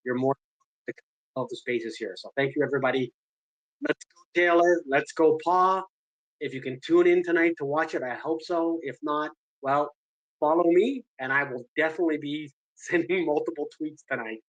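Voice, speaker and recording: A man's voice: on the high side, fairly quick, no room sound, lo-fi sound. A man speaking in a casual live audio chat, enthusiastic and apologetic, often restarting and repeating words. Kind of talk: casual rambling community chat.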